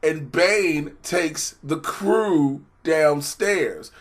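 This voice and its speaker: A man co-hosting a casual comedic review, retelling scenes excitedly, laughing as he talks and using lots of slang. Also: fairly high pitch, extremely slow. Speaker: co-host reviewing a cartoon episode.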